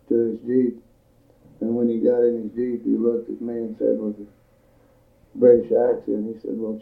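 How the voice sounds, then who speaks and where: An older man tells his recollections in a plain, unhurried way with frequent pauses. His voice is gravelly and stays on an even, flat pitch. The recording sounds thin and tinny, like an old tape played over a phone line. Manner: plain-spoken storytelling, measured with pauses. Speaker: veteran giving oral history. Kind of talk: recorded oral history recollection.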